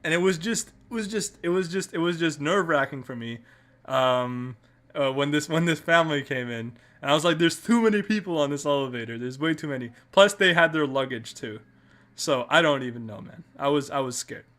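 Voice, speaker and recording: A man's voice: on the high side, brisk, fairly bright tone. A man with a Canadian accent hosting a podcast, telling a travel story in a rambling way with many restarts and fillers. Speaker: podcast host.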